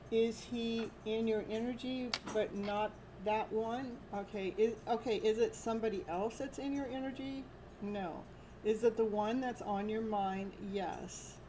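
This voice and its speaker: Brief: woman livestream host, slow unhurried chat, slightly high voice, noisy home recording. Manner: slow, chatty, laughs often, baby-talks to her dog. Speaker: tarot reader and livestream host. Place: at home with a dog. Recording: noticeable background noise.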